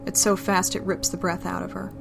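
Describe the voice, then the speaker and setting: Low-voiced, gravelly woman narrating a story. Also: level tone, fairly quick, over music. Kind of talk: reading an adult romance story aloud.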